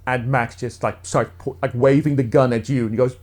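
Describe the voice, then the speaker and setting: A man's voice: medium pitch, fairly even intonation, a little fast, few pauses, faint music behind. A man narrating as game master in a casual, rambling way with many fillers. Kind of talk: narrating a tabletop role-play.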